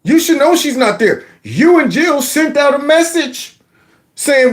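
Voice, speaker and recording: A man giving mocking reaction commentary on video clips. His voice swings up and down with lively pitch, and he laughs and teases often while he talks. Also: unhurried. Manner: laughing, teasing, does mock voices.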